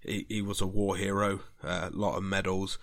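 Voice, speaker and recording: A man hosting a history podcast, talking in an earnest, rambling way that grows more animated. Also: low voice, moderate pace. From Britain. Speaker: podcast host.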